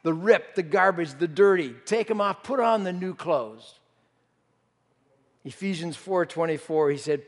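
A pastor with a high-pitched, unhurried voice preaches a sermon, telling a story and acting out the voices of the disciples. The recording has the reverb of a large hall.

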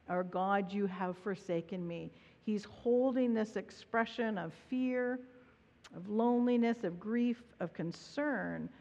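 A woman pastor preaching a sermon in an earnest, reflective way, her voice softening when she voices prayers. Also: on the high side. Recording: dull audio with long hall reverb.

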